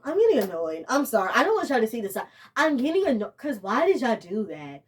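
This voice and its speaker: Young woman, exasperated, rambling, slightly high pitch, casual vlog. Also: very animated, fairly quick, breathy edge. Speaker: TV show reviewer.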